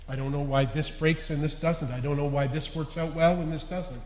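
A man's voice: a little high, fairly even intonation, normal speed, few pauses, a little hiss or hum. Earnest man preaching in an echoey hall. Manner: earnest, confessional, swinging between loud stresses and quiet endings. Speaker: lay preacher. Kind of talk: sermon. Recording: echoey hall with long reverb.

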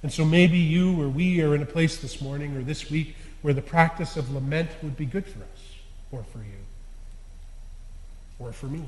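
A man giving a sermon as a lay preacher, earnest and confessional, pressing hard on some words and dropping to a hush at line ends. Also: a little high, fairly even intonation, fairly quick, hardly any pauses. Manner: earnest, confessional, swinging between loud stresses and quiet endings. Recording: echoey hall with long reverb.

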